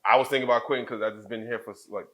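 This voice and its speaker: A man's voice: medium pitch, very fast. A man in his thirties, an interview guest telling casual stories and acting out quoted dialogue. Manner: animated storyteller who acts out quoted dialogue. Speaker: interview guest, former wrestler. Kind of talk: casual shoot interview storytelling.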